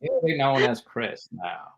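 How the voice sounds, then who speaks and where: A man doing an impression of a famous older actor who speaks in a slow, measured, gracious way. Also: mid-range voice, huge pitch swings, vocal fry, dull audio, crowd noise, full character voice.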